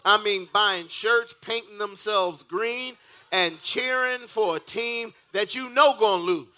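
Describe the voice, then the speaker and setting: A man's voice: high-pitched, takes it slowly, bright, forceful tone. A man preaching a fervent, rhythmic sermon in church, reading scripture aloud as pastor.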